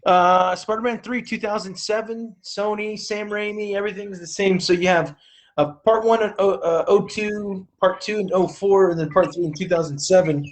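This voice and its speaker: A man co-hosting a casual movie review podcast, speaking in a measured, hesitant way with many pauses. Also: high voice, steady tone.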